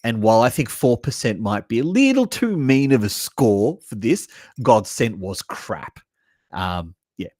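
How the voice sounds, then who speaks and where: In a dry, clean studio recording, a man with a mid-range voice speaks unhurriedly while hosting a live stream. He reviews a list of horror movies in a casual reaction chat, animated, blunt and heavy on the swearing, and reads viewers' chat comments out loud.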